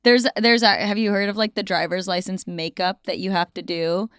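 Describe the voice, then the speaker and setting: A young woman with a smooth, clear voice chats casually as a podcast co-host. She reacts quickly and talks freely, recorded on a close mic in a dry room. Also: mid-range voice, steady tone, a bit bright, no echo. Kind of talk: casual chat.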